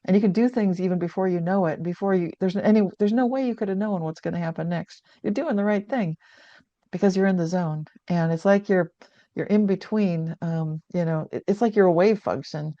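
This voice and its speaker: An older woman speaks in a low, mellow voice, recounting a personal story in an earnest, reflective way. She often restarts her sentences mid-thought. The dry sound is dull and lo-fi. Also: a little fast, no room sound. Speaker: guest author. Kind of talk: conversational storytelling.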